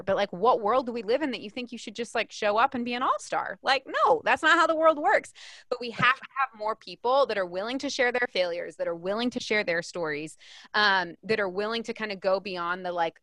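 A woman's voice: medium pitch, fairly bright tone, no room sound, studio quality. Emphatic woman podcast guest. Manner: emphatic, fast-flowing, frequent "like" fillers. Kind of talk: podcast conversation.

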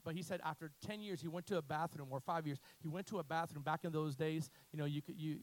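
A man preaching a sermon as pastor, leading his congregation in call-and-response and climbing to loud, emphatic peaks. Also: fairly high pitch. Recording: echoey hall with faint music.

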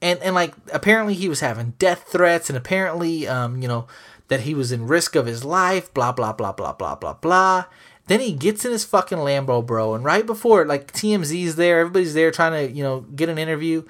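Casting: young podcast host, profane storyteller, voice jumps up and down a lot. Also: male voice, on the high side, a bit bright. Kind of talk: casual chat.

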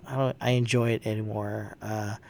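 A man's voice: lowish voice, level tone, normal speed, vocal fry. A man hosting a podcast, retelling a film in a rambling, profane way with lots of fillers and restarts. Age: adult with a young child. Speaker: podcast host. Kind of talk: casual spoken movie recap.

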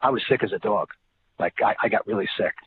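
A man's voice: fairly low pitch, fast talker. Guy, middle-aged, rambling stories, restarts a lot, sounds like he's on the phone. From New Jersey. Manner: rambling, repeats words, acts out quoted people. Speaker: interview guest, former basketball player. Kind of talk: casual storytelling. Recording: tinny phone-like line with faint noise.

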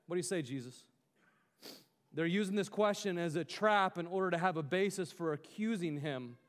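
A man's voice: sits high, in a large hall. A man preaching a sermon as pastor, earnest and exhorting, with many rhetorical questions to the congregation.

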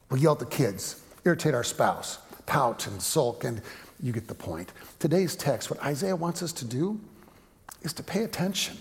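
A male pastor preaching a sermon, telling stories and asking rhetorical questions, sometimes dropping to a hushed voice. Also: mid-range voice, creaky, long reverb tail.

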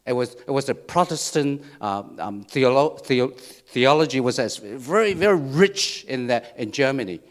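Man preaching with frequent restarts. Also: mid-range voice. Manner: repetitive, restarts phrases, asks "okay?" and "right?". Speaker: pastor. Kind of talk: sermon.

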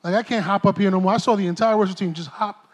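A middle-aged man, preaching a sermon from a church stage in an animated, joking, streetwise way. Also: high voice, fast, noisy background. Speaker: pastor.

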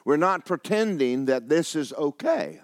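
A man's voice: fairly high pitch, sing-song, measured pace, no room sound, studio quality. A man preaching a sermon as pastor, mixing joking asides with fervent calls.

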